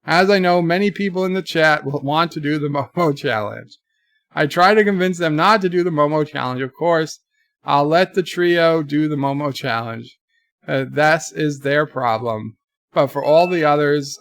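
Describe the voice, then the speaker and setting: A man's voice: fairly high pitch, moderate pace, a bit bright, dry recording, clean studio sound. A man streaming live, reading viewer letters aloud and answering them in a rambling, jokey way. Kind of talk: casual live-stream chat.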